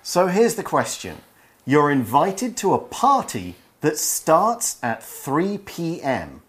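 A man's voice: a little high, big pitch swings, slow pace, a bit bright, faint music behind. Man teaching words, dry humour. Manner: dry, self-deprecating humour in clear teaching delivery. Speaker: co-host of an English lesson podcast. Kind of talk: explaining vocabulary for learners.

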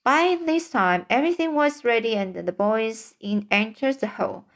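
A woman reading a children's storybook aloud in a halting way, often stumbling over words and starting them again. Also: fairly high pitch. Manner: halting, frequent stumbles and restarts. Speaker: audiobook reader.

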